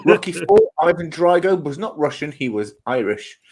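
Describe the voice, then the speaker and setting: A man's voice: a little high, very animated, normal speed, a little mellow. A man hosting a casual trivia quiz and teasing the players. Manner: joking, teasing. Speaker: quiz host.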